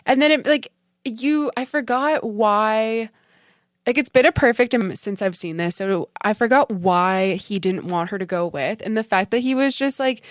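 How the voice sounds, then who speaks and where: A woman's voice: fairly high pitch, moderate pace, dry recording, studio quality. A woman co-hosting a podcast, chatting casually about a film in a rambling way with lots of fillers. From Canada. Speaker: podcast co-host.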